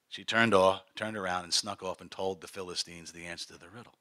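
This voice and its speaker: A man's voice: low voice, a little fast, hardly any pauses. A man preaching, retelling a story dramatically and acting out the characters. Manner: animated, dramatic, acts out the characters. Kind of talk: sermon storytelling.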